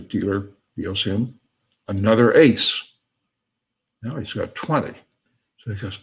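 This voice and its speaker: A man's voice: on the low side, a little slow, pauses often, husky. A man lecturing and telling a joke story, laughing at his own punchlines.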